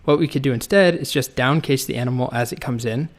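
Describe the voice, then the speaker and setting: A coding instructor talks through a screen-recorded tutorial, walking through each step as he types. His mid-range voice moves fast, but his manner stays relaxed.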